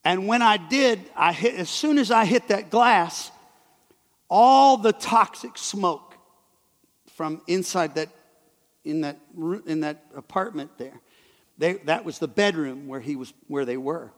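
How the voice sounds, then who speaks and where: A high-voiced man preaches in a church hall and tells a story to the congregation. He stumbles and restarts his words often. His voice rings with a long hall reverb. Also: expressive. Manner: halting, repeats and restarts words. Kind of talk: sermon storytelling.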